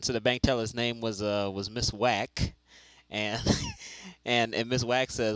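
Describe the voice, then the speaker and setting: Male comic, mid pitch, rambling delivery full of restarts, dry close mic. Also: steady tone, fairly bright tone, clean tone, dry recording, poor audio. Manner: rambling, repeats words, halting restarts. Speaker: joke teller. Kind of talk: casual joke telling.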